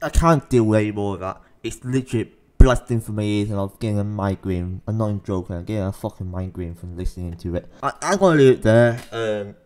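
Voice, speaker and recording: Manchester lad doing reaction commentary, rambly and sweary. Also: male voice, on the low side, fairly quick, darkish tone. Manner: rambling, blunt, swears a lot. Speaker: reaction video host.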